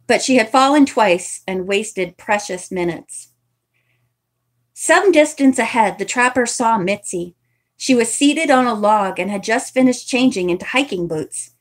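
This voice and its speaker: A woman's voice: a little high, animated, measured pace. A woman reading a novel aloud in a casual way, with chatty asides between passages. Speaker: reader.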